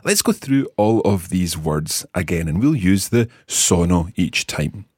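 A Scottish man with a very low, husky voice leads a podcast language lesson. His pitch rolls up and down a lot as he patiently explains and repeats each word. The recording is close and dry. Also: expressive, a little slow, a little mellow, no echo. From Scotland. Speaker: language teacher and host.

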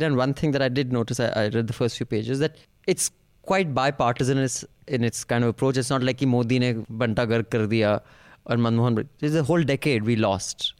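Smooth-voiced Indian man hosting a podcast. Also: medium pitch. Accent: Indian English. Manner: joking, rambling news rundown. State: out of breath. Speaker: podcast host. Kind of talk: casual political podcast chat.

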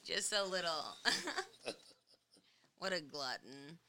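A young woman from New York hosting a casual chat, an animated storyteller who laughs often. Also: low-pitched, slow, slight background noise. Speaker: podcast host.

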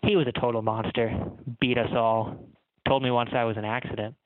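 A man's voice: mid-range voice, fairly even intonation, brisk, no room sound, close to an everyday voice. A one-foot-tall pianist, bitter and wounded, speaks plainly with sudden stresses, as a man reading the story voices him. The sound is dry and comes through a narrow, phone-like line. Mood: hurt.

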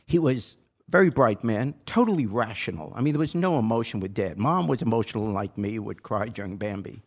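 A man's voice: fairly low pitch, lively intonation, brisk. An older man and podcast host telling a personal story in a casual, earnest way that grows impassioned and pleading.

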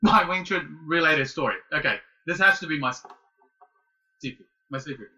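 A man in his late thirties telling a casual story as a guest, animated and halting, with many restarts. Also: on the high side, distant mic, highs cut off. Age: 30s. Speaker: guest, martial arts student.

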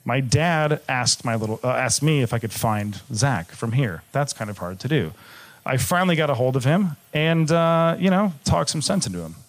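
A man's voice: medium pitch, animated, moderate pace. A young man from Michigan telling a personal story on stage, candid and swearing freely, moving between jokes and gravity. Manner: candid, swearing, shifts from jokey to grave. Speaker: live storyteller.

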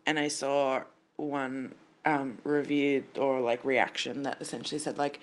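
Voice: medium pitch, normal speed, a bit bright, clean tone. A podcast co-host in their thirties, talking with emphatic enthusiasm and casual swearing in a voice memo. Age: 30s.

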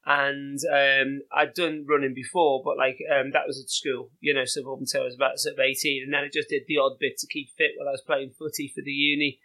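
Chatty British man, bright voice. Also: medium pitch, level tone, fairly quick, few pauses, rough recording. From Britain. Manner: chatty, rambling with many fillers, laughs at own stories. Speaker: guest runner. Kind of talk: casual anecdotal interview.

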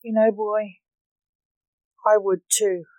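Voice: medium pitch, little pitch movement, takes it slowly, a little mellow, dry recording, close to an everyday voice, low-quality recording. Blake: a reader doing a moaning, dour man. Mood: gloomy. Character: gloomy Blake, a weary emperor figure, male.

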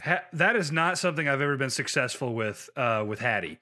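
A man's voice: medium pitch, expressive, fairly quick, pushed and bright. A man in his thirties, a podcast co-host, telling stories in casual chat and laughing often. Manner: storytelling, laughs often, acts out voices.

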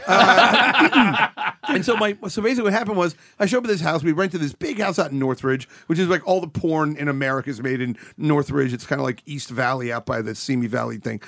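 A man's voice: high voice, gravelly, a bit bright, no echo, clean studio sound. A man casually telling rambling, crude, self-deprecating stories as a guest. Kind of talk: casual storytelling.

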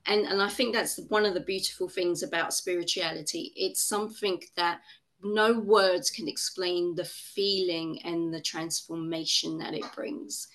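A woman's voice: fairly low pitch, steady tone, unhurried, a bit bright. A woman hosting a podcast interview, asking questions and reflecting back on her guest's answers in an encouraging way. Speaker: podcast host. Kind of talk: interview conversation.

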